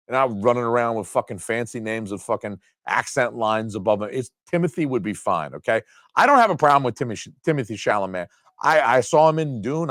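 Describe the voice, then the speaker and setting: A man in his thirties, a video host ranting with heavy swearing and sudden jumps up and down in pitch. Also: fairly bright tone, dry recording, studio quality. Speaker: video host reviewing disc releases. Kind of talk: profane comedic rant.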